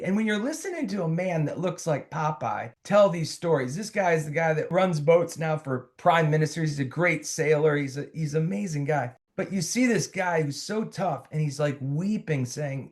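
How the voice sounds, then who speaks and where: A singer-songwriter man telling a long, animated story in a conversational podcast interview. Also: a little high, normal speed, few pauses. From United States. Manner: animated storyteller, quoting others in his own voice.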